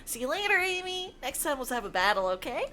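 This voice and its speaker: A woman's voice: high-pitched, very animated, fast, sharp tone, full character voice. A woman reading the lines of a cocky young male hedgehog rival in a breezy, dismissive way.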